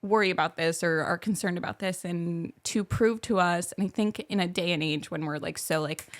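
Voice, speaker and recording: A young woman co-hosts a podcast, chatting casually in a lowish voice at a moderate pace. She uses plenty of fillers and laughs often.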